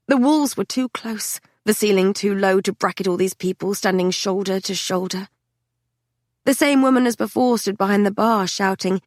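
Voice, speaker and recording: A woman narrating a first-person novel in a measured, quiet storytelling manner. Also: medium pitch, dry recording, studio quality. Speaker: audiobook narrator.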